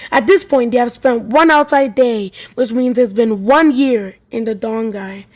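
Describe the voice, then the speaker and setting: A high-voiced woman reads a homemade fan story aloud, a little slowly and with a slightly mellow tone. Her delivery is plain and unpolished, and she often stumbles and starts lines over.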